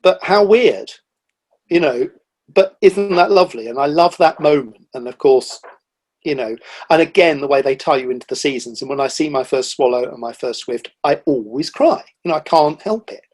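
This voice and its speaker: A husky, animated man telling nature stories. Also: fairly high pitch, moderate pace. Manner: enthusiastic, animated storytelling with quoted asides. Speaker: guest, nature writer. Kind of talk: casual conversational interview.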